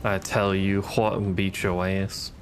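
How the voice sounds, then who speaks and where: A man's voice: sits low, flat delivery, measured pace, faint music behind. A man giving casual gameplay commentary, wry and profane, talking back to the enemies on screen. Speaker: gaming streamer.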